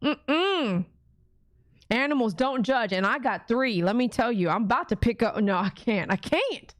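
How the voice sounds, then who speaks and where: A woman holds forth to her livestream chat in a slightly high voice, emphatic and preachy. She punctuates her points with hummed "mm-mm"s. The sound is close and dry, with no room around it. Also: animated, unhurried, no echo. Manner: emphatic and preachy, with frequent "mm-mm" hums. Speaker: livestream host reading viewer chat.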